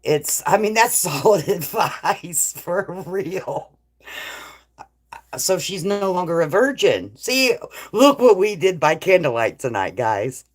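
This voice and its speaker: A woman's voice: lowish voice, sing-song, takes it slowly. A middle-aged woman hosting a casual live chat, laughing often and swearing freely as she reads viewers' comments. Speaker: livestream host.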